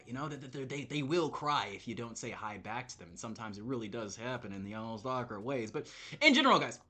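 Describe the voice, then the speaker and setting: Rambling bright-voiced male streamer. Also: a little high. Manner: rambling, repetitive, profane. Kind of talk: casual live-stream commentary.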